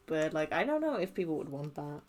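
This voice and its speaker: A woman's voice: low-pitched, sing-song, moderate pace. A young woman streaming while she crafts, chatting casually, giggling often and hesitating with many restarts.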